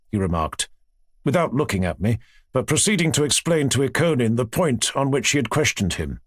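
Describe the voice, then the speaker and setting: A man reading a classic novel aloud in an expressive, measured storytelling manner. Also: mid-range voice, no echo, studio quality. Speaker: audiobook narrator. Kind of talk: scripted narration.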